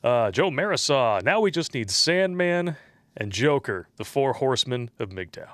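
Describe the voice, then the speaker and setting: A man's voice: mid-range voice, big pitch swings, measured pace, a bit bright, no echo. A man hosting a casual livestream chat over a video call, reading out donations and laughing often. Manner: laughs often, chatty filler "you know".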